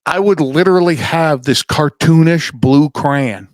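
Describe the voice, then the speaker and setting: A man with a slightly higher voice spins profane, rambling stories in a casual podcast chat, slipping into the voices of the people he describes. He talks into a close mic with a dry, dead sound and no room around him. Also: measured pace, no echo. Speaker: podcast host.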